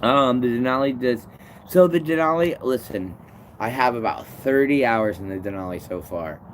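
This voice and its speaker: Here the same kind of streamer, a man who climbs trees, talks loosely with viewers, cursing often, wandering off topic and starting sentences over as he replies to comments. He speaks at normal speed with a medium, expressive pitch over slight background noise.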